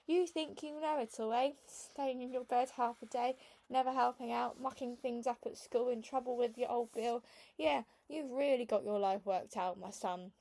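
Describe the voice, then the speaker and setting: A woman voicing a scornful, sharp-tongued mother who shouts and jeers, in a storybook read-aloud. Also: fairly high pitch, fairly even intonation, moderate pace, vocal fry. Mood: scolding. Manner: jeering, loud and cutting.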